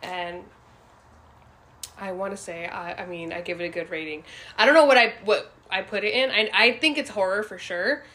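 Bright-voiced woman chatting casually on a podcast. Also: mid-range voice, moderate pace. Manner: blunt, profane, laughs often. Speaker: podcast co-host. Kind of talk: casual chat.

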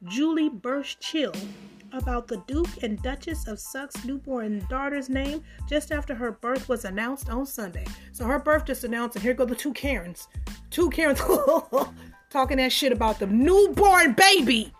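High-voiced woman ranting on a podcast. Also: moderate pace, soft background music. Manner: blunt, indignant, swears freely. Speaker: podcast host. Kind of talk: casual news commentary.

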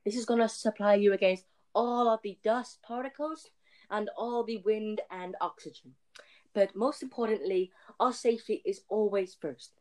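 A man's voice: sits high, moderate pace, pitched above the performer's own voice, natural voice. Fields: Figure: a man playing a rambling male inventor. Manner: eager. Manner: rambling, repeats "innovative". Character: overeager male inventor pitching a gadget.

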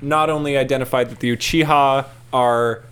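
A man's voice: mid-range voice, steady tone, moderate pace, a bit bright, clear, resonant tone. Young man cracking dry asides. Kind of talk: casual comedic banter.

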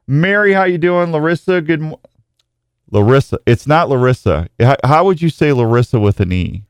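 A man's voice: fairly high pitch, lively intonation, moderate pace, clean tone, no echo, clean studio sound. A male radio show host greeting listeners one by one in a jokey, rambling way, often tripping over his words. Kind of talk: live talk show with listener shout-outs.

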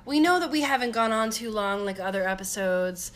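A woman co-hosting a podcast, reacting with laughs and then wrapping up the episode in casual chat. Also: a little fast. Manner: warm reactive listener, laughs easily, lively pitch. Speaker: podcast co-host.

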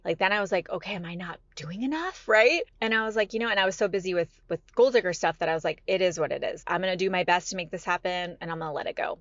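A woman hosting a podcast, telling a story in a chatty, animated way with plenty of "like" and "right?". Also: fairly low pitch, dry recording, dull audio. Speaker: podcast host. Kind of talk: casual monologue.

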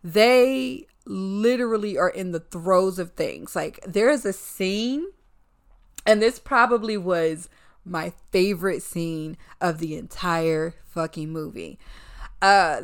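A woman's voice: on the low side, vocal fry. A woman recapping a film in a casual, candid and profane chatty way.

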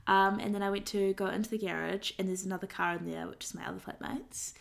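A woman's voice: mid-range voice, steady tone, fast talker, creaky. A woman, co-hosting a casual podcast chat in a studio, dry and teasing. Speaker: podcast co-host.

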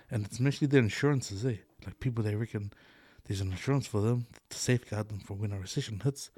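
A man's voice: lowish voice, fast, hardly any pauses, dark tone, no room sound. A middle-aged man with a New Zealand accent co-hosting a podcast, talking loosely with lots of swearing, laughs and "eh". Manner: loose, swears a lot, laughs often, fillers like "eh" and "bro". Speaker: podcast co-host. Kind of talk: casual chat.

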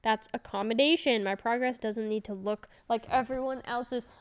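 A woman's voice: on the high side, steady tone, normal speed, clear, resonant tone. A woman hosting her own podcast, talking casually and rambling, laughing often and swearing freely. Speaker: podcast host. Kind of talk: casual solo podcast monologue.

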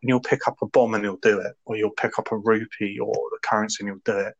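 A man ranting in casual podcast chat, animated and laughing as he mocks a game. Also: lowish voice, quick pace, creaky, slightly rough, muffled recording. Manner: ranting, animated, laughs a lot, mock voices. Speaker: podcast co-host.

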